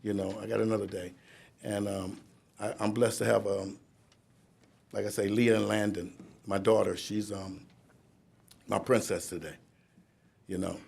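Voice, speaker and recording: A man's voice: on the low side, little pitch movement, a little slow, gravelly, pauses often, a little mellow, slightly rough. A man in his fifties giving a rambling, conversational recovery testimony at a courtroom ceremony, laughing at himself as he goes. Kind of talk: personal recovery testimony to an audience.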